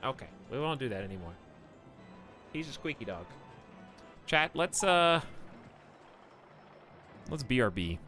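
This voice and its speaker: A man casually chatting through a live game stream at home, animated and chuckling often. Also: mid-range voice, unhurried, long pauses, soft background music.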